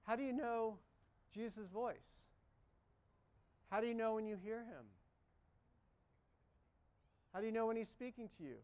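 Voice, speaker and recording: A pastor delivers a sermon at a church service at an unhurried, deliberate pace. The speaker repeats key phrases for emphasis and puts question after question to the congregation. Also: medium pitch, expressive, darkish tone. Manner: emphatic, repetitive, asks the congregation many questions.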